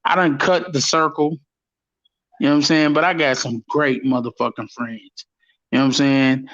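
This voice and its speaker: A man hosting a call-in show, telling stories in a profane, animated way and laughing often. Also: medium pitch, moderate pace, lo-fi sound. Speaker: host. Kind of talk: casual storytelling chat.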